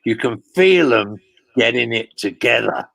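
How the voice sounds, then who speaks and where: An older man tells rambling anecdotes in a loose interview, cursing freely and leaning on "you know what I mean". His voice is deeply gravelly and full of fry. The sound is dry and close. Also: lively intonation, unhurried, a bit bright, no echo, rough recording. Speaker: guest storyteller.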